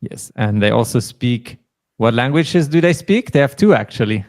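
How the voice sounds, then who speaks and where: A man's voice: mid-range voice, animated, moderate pace, a little mellow. A man teaching a beginner lesson, patiently explaining pronunciation and asking his learner to repeat the words. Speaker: German teacher. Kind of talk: language lesson.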